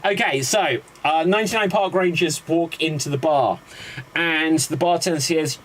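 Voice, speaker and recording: A man's voice: fairly high pitch, fairly bright tone. Jokey man hosting improv. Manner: jokey, quick, laughing between prompts. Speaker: improv show host. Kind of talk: casual comedy banter.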